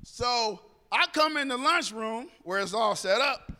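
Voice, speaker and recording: A man speaking to a group, telling a personal story in an animated way and acting out the dialogue. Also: very high-pitched, measured pace, in a large hall.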